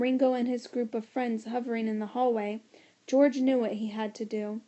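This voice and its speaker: A woman narrating a children's storybook in a steady, expressive reading. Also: on the high side, vocal fry.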